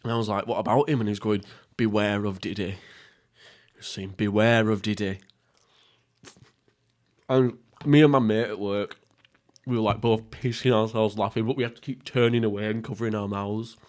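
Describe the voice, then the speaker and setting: A man's voice: on the low side, fairly even intonation, a little fast, darkish tone. A young man hosting a casual mukbang podcast, rambling and swearing, often laughing at himself. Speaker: podcast host. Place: at home, seated.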